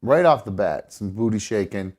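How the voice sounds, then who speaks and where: A man's voice: on the low side, expressive, moderate pace, a crowd in the background. A man hosting a live talk show, chatting casually in a loose, rambling way and swearing freely. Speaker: podcast host. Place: studio.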